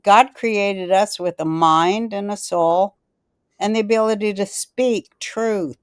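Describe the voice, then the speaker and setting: A woman's voice: mid-range voice, takes it slowly, smooth, dry recording, clean studio sound. Blunt rambling woman podcast host. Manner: rambling, profane and blunt, loses her thread. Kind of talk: casual rambling storytelling chat.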